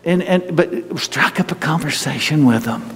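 A man's voice: on the high side, normal speed, gravelly. A man preaching a conversational sermon to a congregation, folksy and joking with the people in the pews. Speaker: pastor. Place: church sanctuary with congregation. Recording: long hall reverb, faint ambient noise.

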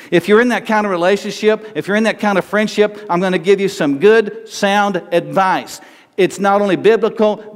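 Emphatic older male pastor, echoing hall. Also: high voice. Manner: emphatic, repetitive, rhetorical questions to congregation. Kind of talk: sermon. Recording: long reverb of a large hall.

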